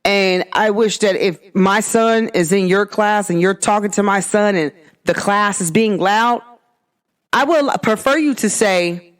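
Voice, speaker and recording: A woman's voice: medium pitch, a little slow. A woman hosting her own podcast, talking in a casual, emphatic monologue full of rhetorical questions. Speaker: podcast host.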